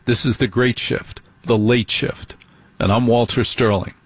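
A man's voice: medium pitch, steady tone, unhurried, husky, dry recording. A middle-aged man hosting a late-night radio talk show, speaking in a conversational way, repeating phrases for emphasis and putting questions to his listeners. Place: radio studio. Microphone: studio microphone.

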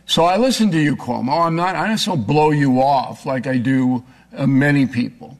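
A man making a forceful, argumentative case in a heated political debate, often cutting in. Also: medium pitch, moderate pace. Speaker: political commentator.

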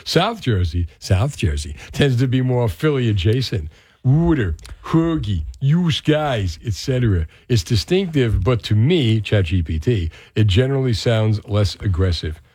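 A man's voice: lowish voice, animated, normal speed, hardly any pauses, darkish tone, slightly rough, no room sound. A man hosting a radio show, joking with comedian guests and reading answers aloud with mock gravity in a studio. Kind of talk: casual comedic radio banter. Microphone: studio microphone.

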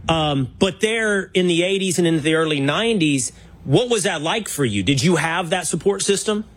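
A male interviewer who circles around his questions and reaches for the right words as he goes. His voice is husky and sits a little high. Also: lively intonation, normal speed. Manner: rambling, searching for words. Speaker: podcast host.

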